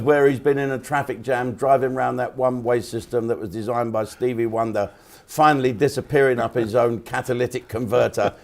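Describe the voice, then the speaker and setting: A man's voice: medium pitch, a little mellow. A man hosting a live-stream chat show, bantering with guests and throwing in jokey asides. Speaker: host.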